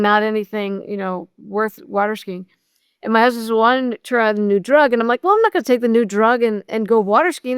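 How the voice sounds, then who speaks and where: Animated woman telling a story on a call. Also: on the high side, smooth, no room sound, studio quality. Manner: animated, laughing, acts out quotes. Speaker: panelist sharing a personal story. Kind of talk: casual storytelling on a video call. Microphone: video call.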